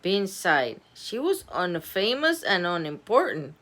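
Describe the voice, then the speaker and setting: Lively, slow-paced female storybook reader. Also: fairly low pitch. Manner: animated, giggly, stops to comment on the story. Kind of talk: reading a children's chapter book aloud with chatty asides.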